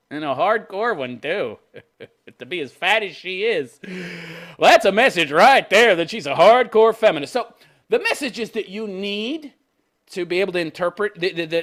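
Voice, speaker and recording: A man's voice: high-pitched, a bit bright. A man in his fifties reading a news story aloud and mocking it with crude, sarcastic jokes, laughing at his own lines. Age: 50s. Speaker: commentary channel host.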